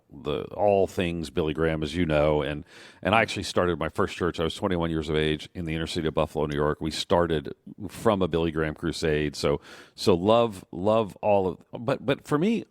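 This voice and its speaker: A man hosting a radio interview, asking questions in an animated way and often repeating words. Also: deep voice, no echo, studio quality. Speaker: radio show host. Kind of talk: conversational interview.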